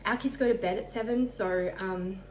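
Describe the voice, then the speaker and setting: A woman in her thirties with an Australian accent, chatting casually to camera about her week, talking fast enough to sound out of breath. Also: mid-range voice, echoey room, a little hiss or hum, rough recording. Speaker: vlogger. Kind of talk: casual chat.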